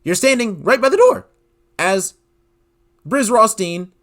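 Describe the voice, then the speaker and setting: A man hosting a solo commentary podcast, talking in an animated, incredulous way and filling his speech with "like". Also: high voice, unhurried. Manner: animated, incredulous, leans heavily on "like". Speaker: podcast host.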